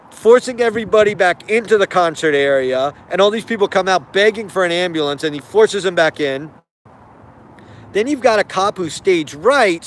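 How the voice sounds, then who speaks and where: A man giving casual spoken commentary on video footage, hesitant and puzzled, often repeating himself. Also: high voice.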